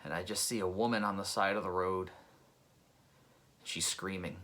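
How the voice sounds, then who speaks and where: A man's voice: deep voice, steady tone, normal speed, pushed and bright. A man, a pest control technician, telling a personal story in an earnest, reflective, conversational way.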